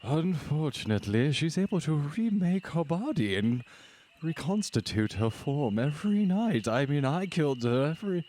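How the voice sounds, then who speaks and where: A man's voice: a little high, very animated, normal speed, darkish tone, voice pushed up. A man playing a pompous old colonel with old-fashioned phrasing in a tabletop game. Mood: matter-of-fact. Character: pompous old male colonel hiding his undead wife.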